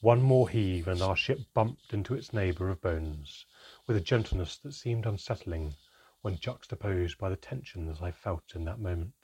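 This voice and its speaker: A man tells a first-person adventure tale in a measured, reflective way. His voice sits low and comes out husky. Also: mellow. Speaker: narrator. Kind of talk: first-person story narration.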